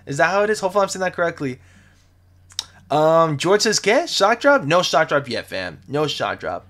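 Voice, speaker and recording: A man's voice: a little high, sing-song, normal speed, fairly bright tone. A young man hosting a livestream, chatting casually and reading out viewer comments in a laid-back, slangy way, often repeating himself. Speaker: sneaker livestream host. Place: home, lives in the city.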